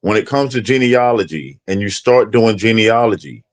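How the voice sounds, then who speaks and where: A man with a low voice joins a livestream conversation. He speaks in a steady, deliberate way and builds his point through leading questions. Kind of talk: casual livestream talk.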